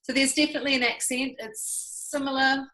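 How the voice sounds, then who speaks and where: A woman's voice: high-pitched, steady tone, brisk, pushed and bright, poor audio. A woman with a New Zealand accent, chatting casually as co-host and laughing easily. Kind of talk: casual chat.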